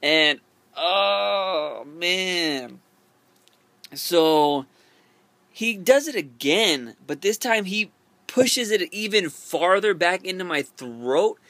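A man's voice: sits high, a bit bright, dry recording. Rambling, profane young man. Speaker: vlogger. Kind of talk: casual storytelling to camera.

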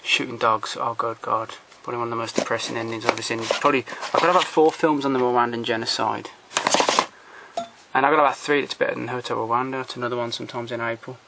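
Blunt, gravelly-voiced man rambling about films. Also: mid-range voice, little pitch movement, fast, very noisy. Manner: blunt, opinionated, swears freely; stop-start, trailing off between titles. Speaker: collector showing his film collection. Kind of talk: casual rambling walkthrough.

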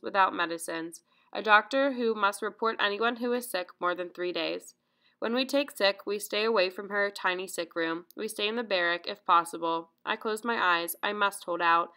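A woman reading memoir narration aloud in a measured, earnest way. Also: mid-range voice, pushed and bright. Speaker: audiobook narrator.

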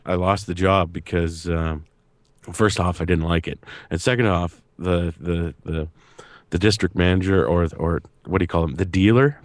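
Low male voice, dry sound, rambling storyteller. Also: no echo. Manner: rambling, hesitant, full of fillers. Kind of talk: casual chat.

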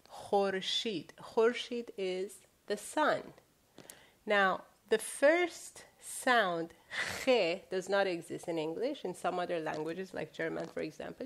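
Woman, language teacher, mid pitch, careful slow drilling of words. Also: gravelly. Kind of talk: vocabulary lesson.

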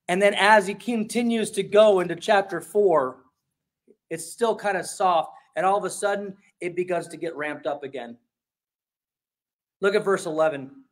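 A man preaching a sermon as pastor, shifting between soft and intense delivery and reading scripture aloud, sometimes repeating words as he searches for a phrase. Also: high-pitched.

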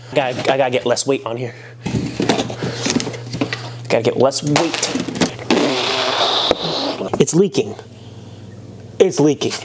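A man hosting a comedic product review vlog from his living room, talking in an excitable way with frequent exclamations. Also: a little high, noisy background. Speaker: host.

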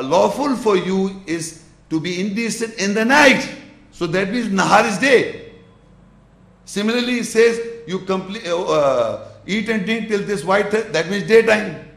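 A man with a high-pitched, gravelly, slightly bright voice gives an Islamic religious lecture to an audience in a roomy, echoing space. He goes slowly, uses gestures, and keeps asking if people follow.

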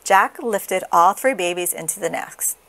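A woman reading a children's picture book aloud in a slow, expressive sing-song. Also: mid-range voice. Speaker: storybook reader.

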